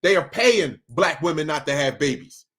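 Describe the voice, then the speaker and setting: Man, high bright voice, animated reaction commentary, emphatic repeats. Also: moderate pace. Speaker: streamer reacting to clips.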